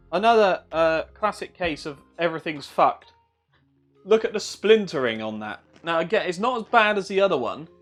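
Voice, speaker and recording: On a live repair stream, a streamer with a mid-range voice chats casually, swears freely, and reads viewer messages aloud.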